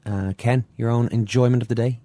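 A man hosting a sports podcast, chatty with plenty of pauses. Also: medium pitch, steady tone, mellow, no room sound. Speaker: podcast host. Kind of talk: casual sports chat.

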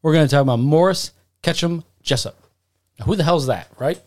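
Guy cohosting a podcast, kinda high voice, swears, goofs off and talks to himself. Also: brisk, a little mellow. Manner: profane, joking, talks to himself. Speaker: podcast co-host. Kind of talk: casual podcast chat.

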